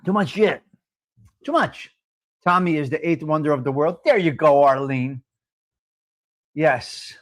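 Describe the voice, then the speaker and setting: A man's voice: on the high side, normal speed. A middle-aged man, hosting a live coffee chat stream and talking bluntly to viewers, joking and swearing freely.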